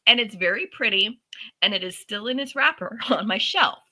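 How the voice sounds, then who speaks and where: Bright-voiced woman, lively chat. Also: medium pitch, moderate pace, poor audio. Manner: animated storytelling with voiced asides. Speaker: podcast co-host. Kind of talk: casual chat.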